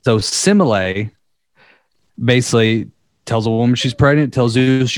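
A man's voice: medium pitch, unhurried, long pauses, no echo. Male co-host, casual and profane storyteller, dry close sound. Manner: loose, profane, acts out quotes in voices. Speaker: podcast co-host. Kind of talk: casual chat retelling a myth.

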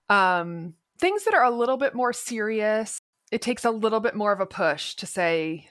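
A woman co-hosting a book podcast in casual chat. She speaks thoughtfully and pauses on frequent "um"s. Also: medium pitch, expressive, fairly bright tone, no echo, clean studio sound. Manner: thoughtful, many "um"s. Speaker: podcast co-host.

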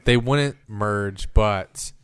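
A man's voice: on the low side, very slow, clean tone. A young man co-hosting a podcast, reading news stories aloud with crude, joking asides in a casual chat. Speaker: podcast co-host.

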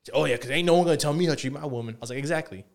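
A man's voice: fairly high pitch, rapid-fire. A young man co-hosting a podcast, telling stories in a rambling, profane, casual chat. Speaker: podcast co-host.

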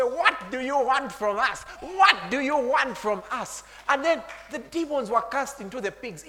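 A man preaching a sermon, animated, laughing often and breaking into shouts and tongues. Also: high voice. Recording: long hall reverb.

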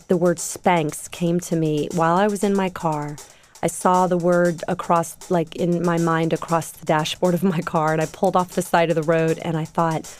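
A middle-aged woman telling her founder story in an interview, lively and anecdotal. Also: lowish voice. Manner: lively anecdotal storytelling, quotes herself and others. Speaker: guest, company founder.

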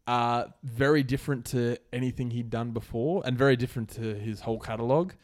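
A man co-hosting a podcast talks fairly quickly with a medium-pitched voice. The conversation is a relaxed, casual chat, and he rambles with lots of filler words.

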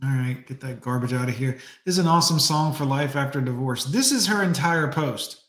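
A man's voice: mid-range voice, fairly quick, roomy sound, over music. A man streaming live, mocking clips with sarcastic commentary and talking to his chat.

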